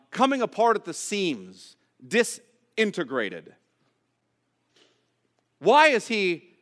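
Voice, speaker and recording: A man preaching a sermon, with dramatic pauses and rising emphasis. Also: high-pitched, sharp tone, big-room sound. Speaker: pastor.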